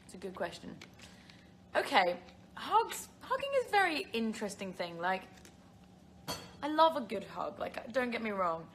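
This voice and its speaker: In a sing-song, medium-pitched voice that's a bit bright, a young English actress chats casually on a phone livestream at normal speed, reading fan questions aloud. She laughs often and uses filler words, with a little hiss or hum audible.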